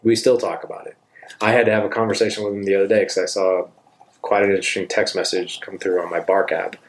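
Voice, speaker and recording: A middle-aged man with a low, deep voice talks through parenting advice in an easygoing, chatty way. He often drops in "like" and "man" as he acts out his side of conversations with his kid. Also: quick pace. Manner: relaxed and conversational, with frequent "like" and "man". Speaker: father giving parenting advice. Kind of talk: casual advice talk with reenacted dialogue.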